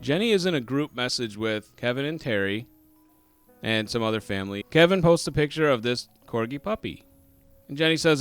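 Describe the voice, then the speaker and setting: A man co-hosting a casual podcast, telling a profane, animated story and throwing in mocking impressions. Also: mid-range voice, brisk, clear, resonant tone, no echo, soft background music. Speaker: podcast co-host. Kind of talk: casual trash-talk chat.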